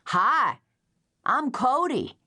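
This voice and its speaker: A woman's voice: high voice, big pitch swings, extremely slow, bright, forceful tone, voice pushed up, exaggerated voice. A woman voicing a drawling childlike backwoods man. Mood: pleading. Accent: Missouri backwoods. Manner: drawling, simple, pleading. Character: childlike grown man, wet, hungry, plaintive. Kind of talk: audiobook character voice.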